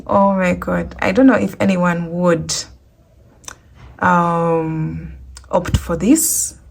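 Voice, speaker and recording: Woman host, low fry-tinged voice, chatty how-to walkthrough. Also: flat delivery, drawn-out words. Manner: chatty, repeats instructions. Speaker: crochet tutorial host. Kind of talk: casual screen tutorial.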